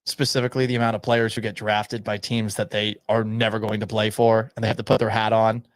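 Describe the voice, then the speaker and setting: A male sports radio host with a sore throat, speaking in a subdued, near-monotone way with dry humor in a studio. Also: lowish voice, fairly quick, dry recording. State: sore throat, swollen tonsils. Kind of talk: sports talk radio monologue.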